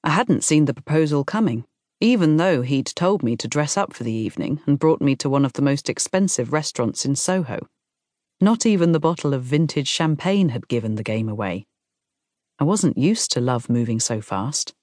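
A woman reading a first-person novel aloud in a calm, measured storytelling manner. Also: low voice, no echo, studio quality. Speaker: audiobook narrator. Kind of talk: scripted first-person narration.

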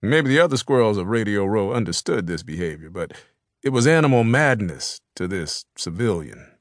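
A man reads a novel aloud in a low, measured voice. The recording is dry and close, with no room sound around him. His scripted storytelling stays even and unhurried. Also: no room sound. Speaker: audiobook narrator. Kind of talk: scripted narration.

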